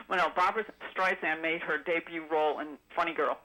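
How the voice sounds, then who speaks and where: A woman's voice: on the low side, steady tone, normal speed, sharp tone, low-quality recording. A woman calling in to a radio show, chatting at length about trivia with frequent ums. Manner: chatty, rambling trivia recall with many ums. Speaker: caller. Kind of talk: call-in radio chat.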